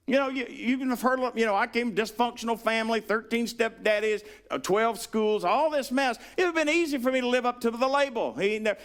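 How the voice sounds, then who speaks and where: A man with a Southern US accent preaching a sermon, animated, acting out the voices he quotes. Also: extremely high pitch, moderate pace. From Southern United States. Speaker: pastor.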